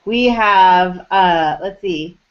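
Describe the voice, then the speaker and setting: A woman hosting a live online chat show, upbeat and quick to laugh. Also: on the low side. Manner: bubbly, upbeat, laughs easily. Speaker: host. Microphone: video call. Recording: dull lo-fi web call audio.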